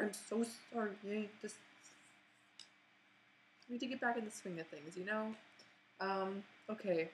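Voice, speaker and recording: A woman's voice: medium pitch, measured pace, pauses often, a little hiss or hum, low-quality recording. A woman rambling through an awkward, self-mocking apology video at home, recorded on her computer. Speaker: vlogger. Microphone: computer mic.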